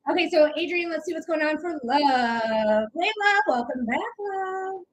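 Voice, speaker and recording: Brief: young woman, high voice, chatty livestream reader, affectionate, lots of "okay?" and "um". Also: animated, measured pace, few pauses, rough recording. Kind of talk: casual livestream chat, reading comments.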